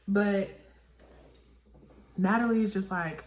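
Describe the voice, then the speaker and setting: A woman recapping a reality TV episode in casual chat, acting out the cast's lines with big jumps in pitch. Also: unhurried, reverberant, slight background noise. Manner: animated, acts out quotes with lively pitch jumps.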